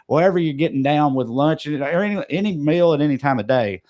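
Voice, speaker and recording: A man's voice: fairly high pitch, lively intonation, fairly quick, hardly any pauses, darkish tone. A man co-hosting a podcast, reading sponsor ads in a casual way with joking, off-the-cuff asides. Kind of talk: casual ad read.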